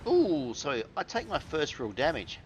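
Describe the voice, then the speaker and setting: A man's voice: a little high, sing-song, a little slow, dull audio, a little hiss or hum. An Australian man giving casual, wry commentary over his own gameplay, full of crude slang.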